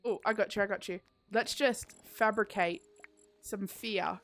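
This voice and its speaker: A woman's voice: medium pitch, fairly even intonation, a little slow, a bit bright, soft background music. A woman streamer chatting casually while playing a game, rambling and giggling. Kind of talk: casual chat while gaming.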